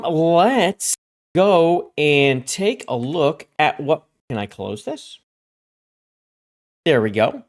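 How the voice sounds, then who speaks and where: Man hosting a gaming livestream; loose rambling delivery with sudden bright jumps when calling out chat names. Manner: jumps high and loud when greeting chat; rambling, repeats words. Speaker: livestream host. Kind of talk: casual stream chat.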